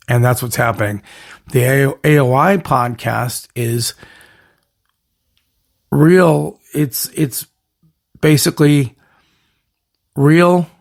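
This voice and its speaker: A man hosting his own podcast, rambling through an energetic monologue full of catchphrase lists and restarts. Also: medium pitch, creaky. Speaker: podcast host.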